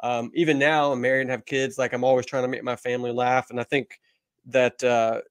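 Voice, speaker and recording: A man's voice: mid-range voice, level tone, brisk, no room sound, clean studio sound. A man with an East Tennessee accent, a comedian guest chatting in a rambling, self-deprecating way. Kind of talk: casual interview chat.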